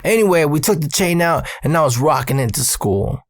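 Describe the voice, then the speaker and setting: A man telling a story from his youth in a casual, profane, animated way, full of slang. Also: on the high side, brisk, no echo.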